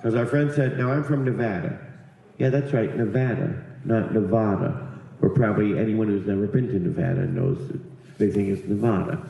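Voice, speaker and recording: A man's voice: on the low side, a little fast, creaky, dark tone, heavy reverb, rough recording. A man doing brash, profane stand-up crowd work, riffing with the audience from a club stage. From eastern United States.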